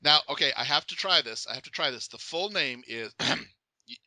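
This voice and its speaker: Young guy hosting an interview, jokey, laughs a lot, really bright voice. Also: mid-range voice, lively intonation, moderate pace, no room sound. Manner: joking, laughs often. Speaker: podcast host. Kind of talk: casual interview chat.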